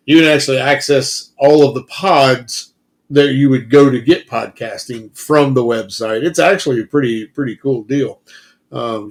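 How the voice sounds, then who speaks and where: A man from Kentucky co-hosting a casual news podcast, loud and quick to laugh, often restarting his sentences. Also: medium pitch. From Kentucky, USA. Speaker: podcast co-host. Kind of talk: casual chat.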